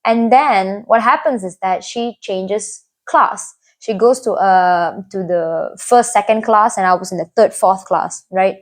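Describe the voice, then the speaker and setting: A woman's voice: medium pitch, a little slow, hardly any pauses. A young woman tells a personal story to camera in an earnest, confiding way, often checking in with "right?". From Malaysia. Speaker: vlogger.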